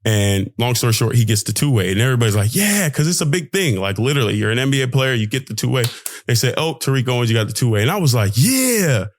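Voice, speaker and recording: Young man, motivational podcast talk, emphatic and slangy, dry close sound, mid-pitched voice. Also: very fast, dry recording. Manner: emphatic, preachy, slangy, swings pitch widely. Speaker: podcast host, pro basketball player.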